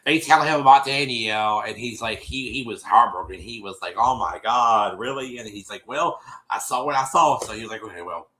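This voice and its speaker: A man's voice: medium pitch, animated, brisk, hardly any pauses, bright, forceful tone. A man hosting a show, casually recapping a reality episode, rambling with many restarts and acting out quotes.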